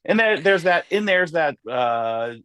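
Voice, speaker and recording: A man's voice: a little high, animated, measured pace, bright, forceful tone, clear, resonant tone, dry recording. A man, a comedian, chatting animatedly as an interview guest and slipping in and out of voices. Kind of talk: lively interview chat.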